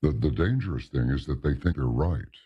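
A man's voice: a bass voice, lively intonation, a little fast, highs cut off, background noise. A man hosting an interview, speaking in a blunt, emphatic way. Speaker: host. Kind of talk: casual interview talk.

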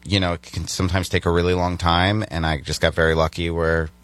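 Low-voiced young comedian, chatty and animated. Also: male voice, brisk, dry recording. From Virginia. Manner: animated storytelling with many restarts. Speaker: stand-up comedian guest. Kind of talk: casual chat.

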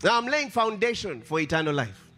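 A man preaching a sermon with impassioned, sing-song delivery, repeating his phrases and rising to shouts. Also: sits high, big pitch swings, a little fast, soft background music.

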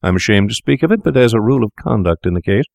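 A man doing a smooth, coaxing young doctor. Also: fairly low pitch, lively intonation, rapid-fire, a little mellow, no echo, clean studio sound, pitched above the performer's own voice. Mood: persuasive. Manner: smooth, persuasive, lecturing. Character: cool, coaxing young male doctor, sinister.

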